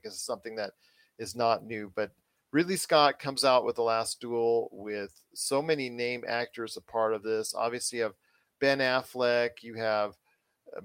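A man's voice: medium pitch, fairly even intonation, normal speed, a bit bright, clean tone, dry recording. A man hosting a pop culture podcast, chatting casually and stressing his points with repetition. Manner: chatty, emphatic, repeats points. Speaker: podcast host.

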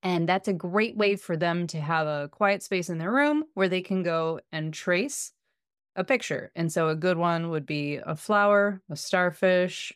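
A woman's voice: fairly low pitch, a little slow, clear, resonant tone, no room sound, clean studio sound. A woman podcast co-host and parent, explaining practical tips in a casual chat.

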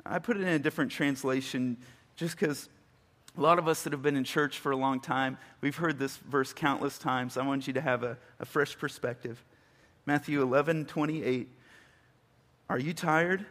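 A man preaching a sermon, emphatic, rising to loud bursts and reading scripture slowly and deliberately. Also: medium pitch, steady tone. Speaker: pastor.

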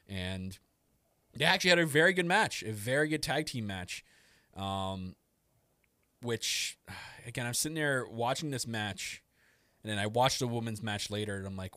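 A man hosts a casual podcast, his voice sitting at an ordinary middle pitch. He rambles excitedly and laughs often. The sound is dry and close. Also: normal speed, no room sound. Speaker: podcast host. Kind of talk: casual wrestling podcast chat.

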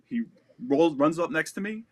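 A man telling a combat story from his military service in a casual, animated and profane way. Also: fairly high pitch, moderate pace. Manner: animated, profane, acts out quotes. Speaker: military veteran.

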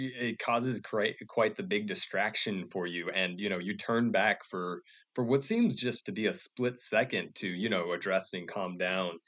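A man's voice: on the low side, a bit bright. A man narrating a comedic tabletop game as game master, rambling with many fillers and restarts.

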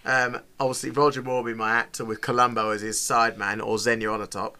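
A man co-hosting a casual podcast chat, enthusiastic and quick to laugh. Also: mid-range voice, level tone, pushed and bright. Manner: chatty, enthusiastic, laughs often. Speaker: podcast co-host.

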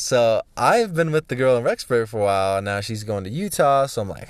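A young man films a candid vlog monologue indoors in the room where he's staying. His mid-range voice is animated and a little quick, with hardly any pauses. He rambles, speaks bluntly, swears freely, and sometimes drops into hushed whispers.

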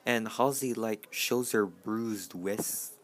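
Man, film reaction vlog, lowish voice, chatty, swears a lot, lots of "like". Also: slow, slight background noise. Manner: chatty and profane, heavy use of filler "like". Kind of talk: casual movie reaction commentary.

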